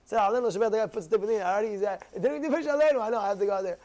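Rabbi type, man, very high pitch, animated lecturer who acts out examples and hammers points by repetition. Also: very fast, few pauses. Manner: animated, acts out quoted people, repeats phrases for emphasis. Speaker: rabbi giving a Torah class. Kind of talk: lively Torah lecture.

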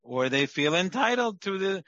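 Emphatic man with a bright tone. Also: high voice, sing-song, moderate pace, no echo. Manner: emphatic, shifting from quiet asides to loud points. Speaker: lecturer on parenting. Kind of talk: recorded lecture. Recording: dull lo-fi dry recording.

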